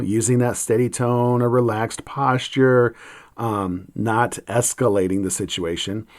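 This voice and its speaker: Calm low-voiced male podcast host. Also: no echo, studio quality. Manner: calm, steady, conversational with frequent fillers. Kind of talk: reflective podcast monologue.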